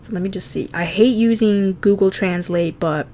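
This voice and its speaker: A woman's voice: mid-range voice, moderate pace, warm tone. A woman streaming herself drawing, chatting casually, laughing often and swearing freely as she teases herself. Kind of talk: casual chat while drawing.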